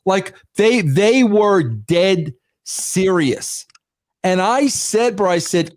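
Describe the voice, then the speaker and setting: A man's voice: high voice, expressive, very slow, dry recording. A man as an interview guest, talking emphatically in casual speech and calling everyone "bro". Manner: emphatic, says "bro" constantly.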